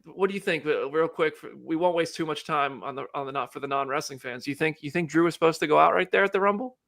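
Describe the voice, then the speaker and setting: A man hosting a live show, chatting casually and joking, rambling with quick restarts. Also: fairly high pitch, gravelly, a bit bright. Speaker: host.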